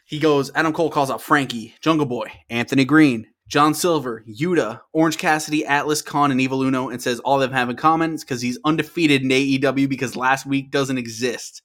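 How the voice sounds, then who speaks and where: A young man co-hosting a casual wrestling podcast, swearing freely and getting excited as he talks over his co-host. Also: mid-range voice, brisk, hardly any pauses.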